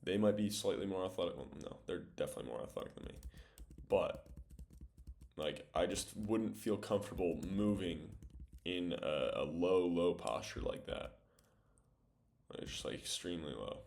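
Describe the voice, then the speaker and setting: Young man, deep gravelly voice, relaxed film breakdown, many fillers, keyboard clicks behind. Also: moderate pace, slight background noise. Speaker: volleyball film analyst. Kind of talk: casual video breakdown commentary.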